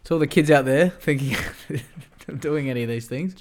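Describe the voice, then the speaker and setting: A man's voice: mid-range voice, moderate pace, a little mellow. Young Australian man, laughing podcast host. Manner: laughs often, joking and loose. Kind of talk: casual chat.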